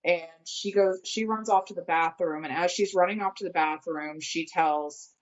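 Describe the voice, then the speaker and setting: A woman's voice: fairly low pitch, normal speed, few pauses. Woman telling a story, dull lo-fi sound. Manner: animated, acts out quotes while telling a story. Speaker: guest friend. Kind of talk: casual storytelling on a podcast.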